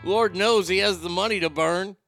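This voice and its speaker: A man's voice: high voice, moderate pace, a bit bright, faint music behind. A man hosting a casual live show, reading out viewer greetings and joking back at them. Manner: jokey, reads viewer greetings and answers them. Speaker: show host reading chat messages.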